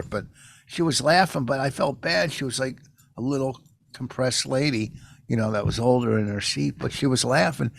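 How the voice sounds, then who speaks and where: A man's voice: mid-range voice, moderate pace, vocal fry, dry recording. An older man, a comedian co-hosting a podcast, rambling through meandering stories in casual chat.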